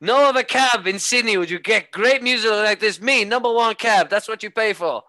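A man's voice: sits high, moderate pace, bright, forceful tone, no room sound, voice pushed up. A man putting on a boastful, bossy middle-aged male taxi driver with a Swansea Welsh accent. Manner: boastful, bossy, mock-offended.

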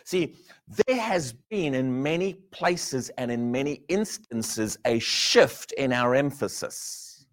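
A man preaching a sermon, asking the crowd rhetorical questions and dropping from loud emphasis to hushed words. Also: medium pitch, animated, slow.

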